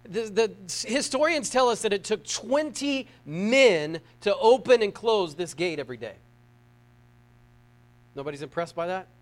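A middle-aged man with a high voice preaches a sermon. He keeps it conversational and joking, often asking the congregation questions. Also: lively intonation, unhurried. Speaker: pastor.

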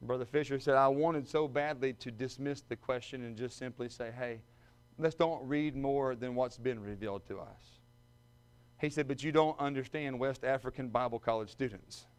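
A man preaching a sermon, reading scripture and calling his listeners friends, building from quiet storytelling up to shouted peaks. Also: mid-range voice, normal speed, smooth. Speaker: pastor.

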